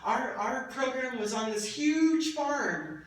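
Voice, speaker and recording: High-voiced woman speaking in an echoey hall. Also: slow, recorded from a distance. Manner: passionate, animated storytelling with laughter. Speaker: keynote speaker. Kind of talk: emotional testimonial speech. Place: large event hall.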